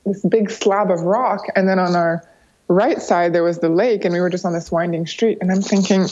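A young woman telling a travel story in casual conversation. She talks in an animated way and acts out the other people's lines in a higher voice. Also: normal speed, slight background noise. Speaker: guest storyteller. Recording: slightly dull lo-fi sound.

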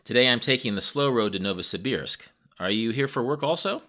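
A man's voice: medium pitch, animated, brisk, sharp tone, voice pushed up. A man voicing a confident, dismissive young Russian businessman who talks in a cocky, teasing way.

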